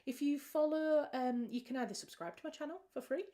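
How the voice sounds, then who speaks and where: A woman's voice: high-pitched, fairly quick, mellow. A British woman, a writer hosting a livestream, chatting casually and rambling with frequent restarts.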